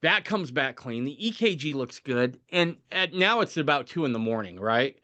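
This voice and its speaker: A male podcast host telling a story in a casual, animated way, often tagging his sentences with "right?". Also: mid-range voice, moderate pace.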